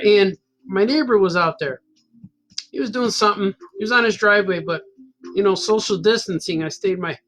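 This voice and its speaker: A man's voice: sits high, fairly bright tone. A man in his fifties telling a rambling, self-mocking story in a casual chat as a cartoonist host. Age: 50s. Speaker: cartoonist hosting a stream.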